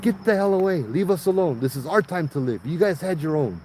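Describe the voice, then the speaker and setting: A man with a Hawaiian Pidgin accent voicing a fierce old Hawaiian priest who shouts and scolds spirits. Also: a little high, expressive, moderate pace, a little hiss or hum, voice pushed up, natural voice, rough recording. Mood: angry, scolding.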